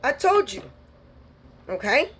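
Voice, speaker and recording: A woman's voice: sits high, big pitch swings, takes it slowly, a bit bright, slightly rough. Blunt scolding woman tarot reader. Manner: blunt, scolding, streetwise slang. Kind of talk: spiritual reading monologue.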